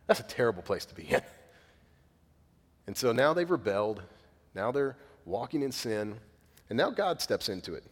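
A man in his thirties preaching a sermon earnestly, acting out the voices he quotes. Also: medium pitch. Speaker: pastor. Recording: long hall reverb.

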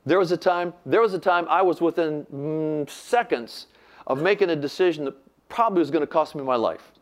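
A man's voice: a little high, brisk. An older man preaching, telling a story animatedly and acting out the voices he quotes. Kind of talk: sermon storytelling.

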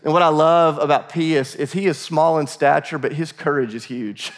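A man from the United States delivers a sermon in a relaxed, chatty voice that sits a little higher than most men's. He breaks into small laughs and acts out conversations as he tells stories. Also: normal speed. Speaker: pastor.

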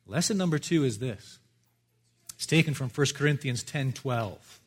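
A man preaching an expository sermon, earnest and emphatic, repeating key lines and swinging from hushed phrases to loud, lifted ones. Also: medium pitch, lively intonation, normal speed, husky.

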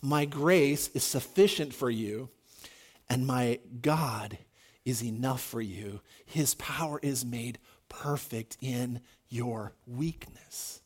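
A man voicing God as a calm, solemn speaker, slow and hushed. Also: medium pitch, breathy edge, pitched below the performer's own voice.

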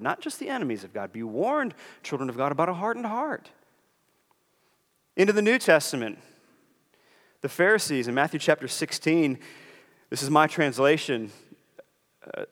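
Pastor, male, earnest sermon delivery with animated swings in pitch, recorded in a church with lingering reverb. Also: moderate pace, long pauses. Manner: earnest preaching, acts out quoted voices.

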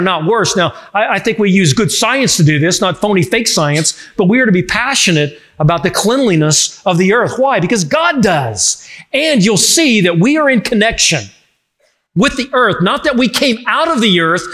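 A middle-aged man preaching a sermon in a lively, conversational way, joking with the congregation. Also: on the high side. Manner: animated, conversational, jokes with the congregation. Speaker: pastor.

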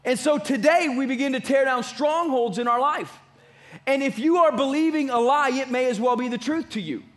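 High-voiced emphatic male preacher. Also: moderate pace, a bit bright. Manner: emphatic preaching with repeated phrases. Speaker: pastor. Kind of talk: sermon.

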